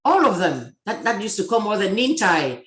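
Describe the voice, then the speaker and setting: A woman hosting a talk show in a casual video chat, lively and full of restarts and repeated words. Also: medium pitch, normal speed, reverberant. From Cameroon. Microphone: video call.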